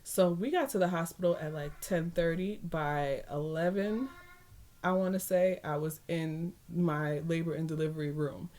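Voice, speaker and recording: Young woman vlogger, slightly low voice, animated storyteller who laughs and acts out quotes. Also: normal speed. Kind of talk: casual storytelling.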